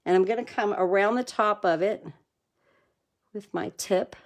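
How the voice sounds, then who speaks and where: A woman's voice: mid-range voice, a little slow. Chatty woman demonstrating card crafts. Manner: chatty and enthusiastic, thanks viewers by name. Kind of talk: live card-making demo.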